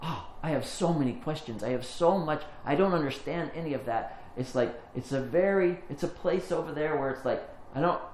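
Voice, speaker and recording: A man preaching a sermon, telling a personal story in an earnest way, rising when he retells the moment and going low and soft as he reflects. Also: expressive, a little fast, hardly any pauses. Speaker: pastor. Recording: echoey room with faint ambient noise.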